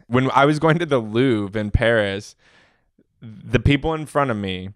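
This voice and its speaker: An American man co-hosting a podcast, chatting casually and telling travel stories with lively quoted voices. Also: mid-range voice, moderate pace, clean tone, no echo, clean studio sound. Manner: animated storytelling with quoted voices. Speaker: podcast co-host. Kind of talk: casual chat.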